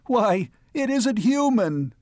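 A man voicing a panicky, pompous small-town mayor in an audiobook, his voice climbing shrill and high. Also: very animated, slow, a little mellow, no room sound, clean studio sound, exaggerated voice. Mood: panicked. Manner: shrill, squeaking. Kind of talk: audiobook character voice.

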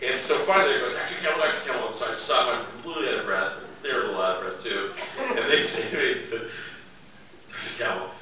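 A man's voice: mid-range voice, fast talker, background noise. Guy telling a funny story on stage, laughs as he goes, far from the mic, big echoey room. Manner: animated storytelling, laughing through lines. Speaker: speaker telling a story to an audience. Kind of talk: humorous anecdote. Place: large hall with a live audience.

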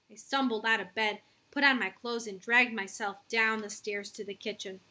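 Bright woman reading a children's book aloud. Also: on the high side, fairly even intonation, normal speed, few pauses. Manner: friendly, questioning listeners.

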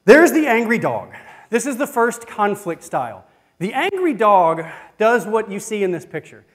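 A man leads a church workshop in a conversational, earnest way, often restarting his sentences. His voice sits a little higher than most men's. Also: very animated, normal speed. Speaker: family life minister. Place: church hall.

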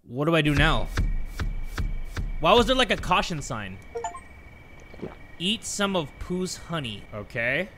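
A young man hosting a horror game let's play, joking and swinging from loud outbursts to quiet muttering. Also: a little high, sing-song, unhurried, long pauses, faint music behind. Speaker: gaming YouTuber.

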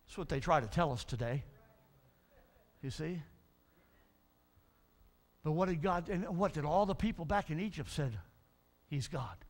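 A middle-aged male pastor preaching a sermon, telling Bible stories in an animated way, acting out the figures and building to shouts. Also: a little high, a little slow, long pauses.

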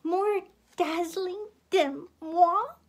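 A vain female pig star with a grand, theatrical manner, as a woman reading aloud puts her on. The voice sits high and the words come unhurried, each one given weight. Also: exaggerated voice. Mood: furious. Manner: theatrical, haughty, shrieking when angry.

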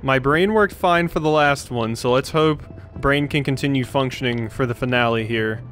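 A man's voice: medium pitch, moderate pace, a bit bright, faint music behind. A man hosting a let's play, thinking aloud through a puzzle and poking fun at himself. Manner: self-deprecating, thinks aloud. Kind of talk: gaming commentary.

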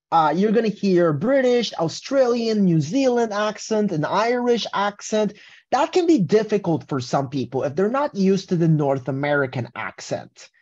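A man's voice: a little high, darkish tone. Male instructor running an online webinar, loose and chatty, heard through dull lo-fi sound. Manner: casual, tags statements with "right?". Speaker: English test prep instructor. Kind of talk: webinar presentation.

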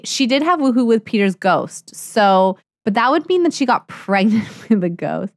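A young woman talks through her life-sim game in a chatty, thinking-out-loud way, now and then slipping into lines for her characters. Her voice sits at an ordinary middle pitch. The sound is dry and close, with no room around it. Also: no room sound. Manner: chatty, excitable, voices her sims in asides. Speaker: let's play streamer. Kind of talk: casual gameplay commentary.

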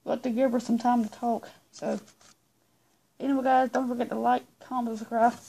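A woman's voice: on the high side, level tone, brisk, gravelly, mellow, husky. A woman vlogger chatting casually to her viewers, rambling and repeating herself as she talks. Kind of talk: casual vlog chat to viewers.

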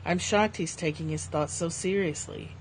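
On a livestream, a woman reads spiritual texts in a low, even voice, calm and slow and reflective. Now and then she breaks off into light, self-mocking jokes, while a faint steady hum beneath her suggests a phone recording.

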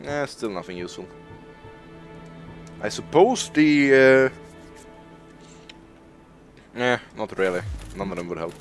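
Young male streamer, unhurried, swings his pitch widely, laughs at himself and swears freely. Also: expressive, faint music behind. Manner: rambling, self-mocking, laughs and swears a lot. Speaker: gaming streamer. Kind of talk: live gameplay commentary.

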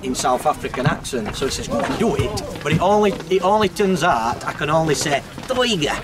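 A man's voice: fairly high pitch, lively intonation, a little fast. A man chatting casually and telling stories with laddish, swearing banter outdoors. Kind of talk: casual chat and storytelling. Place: outdoors at a football ground. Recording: loud crowd around the speaker. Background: crowd of people around.

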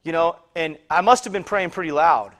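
A man with a high voice preaches to his congregation. He tells a personal story in a loose, rambling way, stumbling over repeated words and acting out the people he met. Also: a little fast, fairly bright tone. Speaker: pastor. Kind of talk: sermon storytelling.

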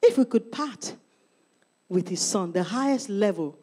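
A woman's voice: mid-range voice, lively intonation, a little slow, darkish tone, breathy edge. A middle-aged woman pastor preaching a sermon, emphatic and calling out to members of the congregation. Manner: emphatic, calls out to the congregation by name.

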